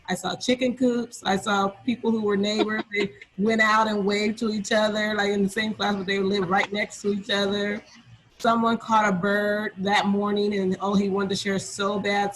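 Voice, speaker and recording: A man's voice: high-pitched, a bit bright, poor audio. A male third grade teacher on a video call, eagerly sharing a classroom idea with anecdotes.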